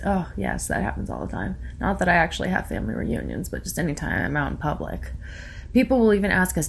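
A worn-out woman hosting her own show, talking in a halting way with nervous laughs, close to tears. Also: rumbling low, big pitch swings, vocal fry, a little hiss or hum. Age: young adult to middle-aged parent. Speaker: podcast host. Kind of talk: casual solo commentary reading listener comments.

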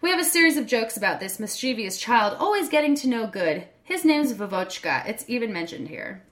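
A woman's voice: a little high, sing-song, a little fast, fairly bright tone. An American woman chatting casually on her own show, rambling and restarting as she reads out viewer messages and laughs along. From United States. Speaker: streamer reading viewer messages.

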